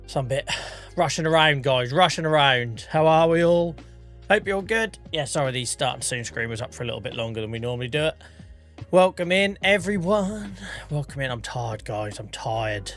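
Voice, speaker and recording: Breathless, bright-voiced streamer man. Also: on the high side, lively intonation, brisk, faint music behind. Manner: chatty, greets viewers by name, swears casually. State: a bit out of breath. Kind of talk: casual live-stream chat.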